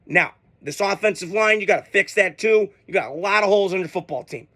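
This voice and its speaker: A man's voice: high-pitched, fairly quick, bright, forceful tone. A man hosting a sports show, ranting casually with heated, profane, exasperated outbursts. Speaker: sports podcast host.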